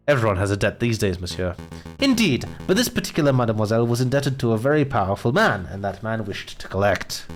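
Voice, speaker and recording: A man's voice: medium pitch, lightly acted. A man reading a visual novel aloud and voicing a theatrical, gallant male prisoner with a grandiose, storytelling manner.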